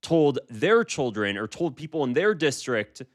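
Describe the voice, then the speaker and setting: A man's voice: medium pitch, big pitch swings, a little slow. A man in his twenties giving casual political commentary, emphatic and repeating himself with frequent restarts. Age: 20s.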